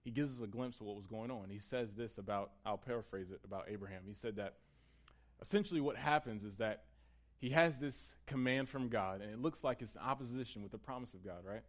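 A man preaching a sermon in a conversational way. He builds to emphatic peaks and then drops to a quiet, close tone. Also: lowish voice, a little fast. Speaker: pastor.

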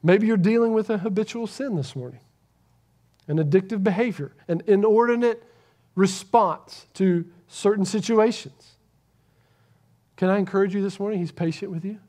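A man preaching a sermon to a church congregation, earnest, swinging between loud emphasis and hushed, near-whispered lines. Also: sits high, moderate pace, pauses often. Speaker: pastor.

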